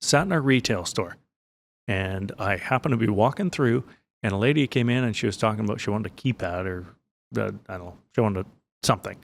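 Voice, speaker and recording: A man's voice: fairly low pitch, brisk, gravelly. A man co-hosting a business podcast, telling stories in a joking, casual way with lots of restarts. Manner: storytelling, joking, many restarts. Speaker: podcast co-host.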